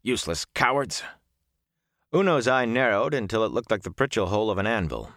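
Deep-voiced male audiobook narrator. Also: expressive, quick pace, a bit bright, no echo, studio quality. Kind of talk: scripted fantasy narration.

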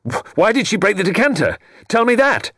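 A desperate, anguished husband, as a man puts him on in an audiobook, his voice hoarse and pushed high. He cries out in a raw, strained way. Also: big pitch swings, brisk, fairly bright tone, no room sound, clean studio sound, exaggerated voice.

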